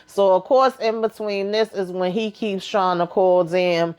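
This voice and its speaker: A woman's voice: medium pitch, steady tone, moderate pace, few pauses, a little mellow, clean tone. A woman giving a casual, colloquial recap of a TV episode, chatty and telling it like a story. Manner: chatty, colloquial storytelling, acting out characters' lines. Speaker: TV recap vlogger.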